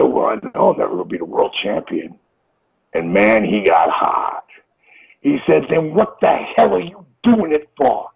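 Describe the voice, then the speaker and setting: A man in his fifties, an interview guest telling stories in a casual, animated way, acting out quotes and swearing freely. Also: on the high side, vocal fry, breathy edge. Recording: tinny phone-line audio.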